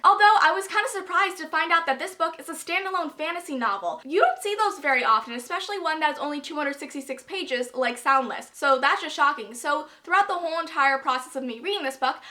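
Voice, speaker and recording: High bright-toned young woman, bubbly vlogger chatting about books. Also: animated, fast, few pauses. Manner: bubbly, gushing, emphatic. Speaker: book reviewer and channel host. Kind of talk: casual book review vlog.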